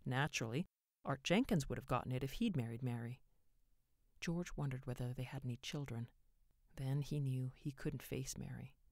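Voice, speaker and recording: A woman narrating a short story in an expressive way, giving each character a voice. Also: a bass voice, no room sound, clean studio sound.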